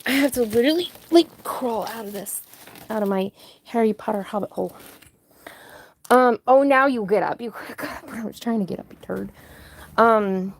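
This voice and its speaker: A woman's voice: fairly high pitch, moderate pace, gravelly, breathy edge. A woman hosting a crafting channel, chatting casually and a bit out of breath, rambling with lots of ums. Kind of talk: casual live chat while crafting.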